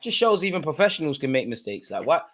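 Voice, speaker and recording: A man runs a live football watch-along, talking the match through in slangy banter. His voice is bright and forward. He swings from muttered asides to excitable shouts at the referee. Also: a little high, quick pace. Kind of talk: live match reaction commentary.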